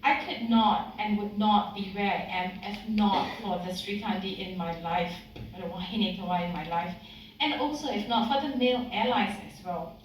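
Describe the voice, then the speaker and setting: A woman's voice: medium pitch, moderate pace, slight background noise. A woman in her thirties, from Singapore, giving a heartfelt personal speech to an audience at a community event. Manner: heartfelt, slightly emotional. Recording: echoey hall mic from some distance.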